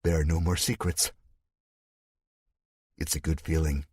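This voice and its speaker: A man reads a thriller audiobook in the first person, keeping his delivery steady and measured. His voice is very low and husky. The recording is dry and close, with no room around it. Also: no room sound. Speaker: audiobook narrator.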